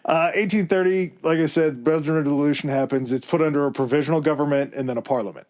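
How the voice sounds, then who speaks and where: This history podcast co-host talks fast in a fairly high, slightly mellow voice with a steady tone. He presents the history in a casual, conversational chat, dropping in fillers and asides.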